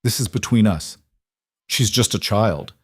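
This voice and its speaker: A steady, determined father, voiced by a man, who is persuasive under pressure. His voice is low and close, in a dry room. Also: measured pace, slightly rough, no room sound.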